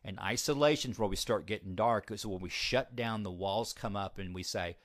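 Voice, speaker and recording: A man's voice: fairly low pitch, normal speed, few pauses, fairly bright tone, no room sound, studio quality. A man giving a motivational talk about recovery, emphatic, repeating key points and putting questions to his listeners. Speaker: recovery speaker.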